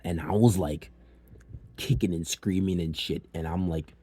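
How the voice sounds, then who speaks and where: Low husky-voiced young man. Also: a little slow, dark tone, no room sound. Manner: loose and profane, with many fillers. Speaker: storyteller. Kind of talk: casual personal storytelling.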